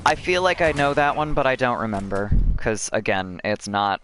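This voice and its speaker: A man's voice: mid-range voice, expressive, normal speed, background noise. A young American man streaming a game, chatting with viewers and swearing in frustration. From United States. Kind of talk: casual gameplay commentary.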